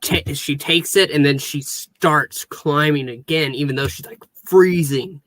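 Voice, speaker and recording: Chatty man with a slightly higher voice. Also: measured pace, a bit bright, no echo. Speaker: podcast co-host. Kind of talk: casual episode recap chat.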